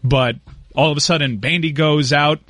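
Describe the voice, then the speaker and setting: A man's voice: a little high, fairly even intonation, moderate pace, fairly bright tone, no room sound. Sports radio panelist, male, dry studio sound, speaks in long analytical thoughts. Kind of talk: casual sports talk.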